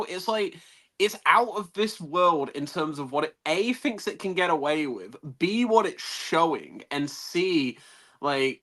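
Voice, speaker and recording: A man in a casual film podcast chat, rambling and animated, restarting sentences and laughing often. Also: a little high.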